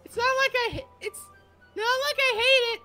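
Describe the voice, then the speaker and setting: A man voicing a tiny, feisty teen girl from a visual novel in a squeaky falsetto, reading her lines aloud for a stream. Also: fairly even intonation, moderate pace, bright, forceful tone, soft background music, full character voice. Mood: defensive. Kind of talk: reading game dialogue aloud in a put-on voice.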